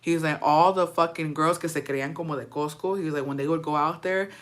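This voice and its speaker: This Texan woman talks fast in a low voice with fairly even intonation. She's chatting casually with livestream viewers, trading gossip, swearing freely, and mixing Spanish phrases into her English.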